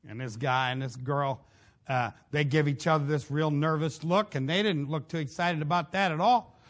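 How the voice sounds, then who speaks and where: Man preaching, folksy, bursts of shouting and low asides, high voice. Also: normal speed. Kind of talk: sermon.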